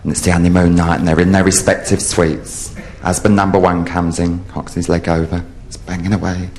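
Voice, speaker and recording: A man in drag, telling bawdy stand-up jokes on a theatre stage with brash, lively delivery. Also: sits low, fairly quick. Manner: brash, lively storytelling with sudden loud outbursts. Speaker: drag comedian. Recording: live theatre audience, faint hiss.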